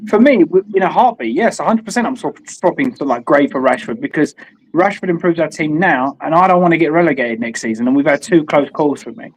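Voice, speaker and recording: A man arguing his opinions forcefully as a guest on a casual fan show. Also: a little high, lively intonation, fairly quick, low-quality recording. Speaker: panel guest. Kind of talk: casual fan podcast chat.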